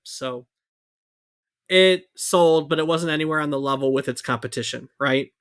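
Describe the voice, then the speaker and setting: Higher-voiced man hosting a podcast. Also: normal speed, a bit bright, smooth, dry recording, studio quality. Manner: conversational, with fillers and asides. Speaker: podcast co-host. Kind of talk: casual podcast history talk.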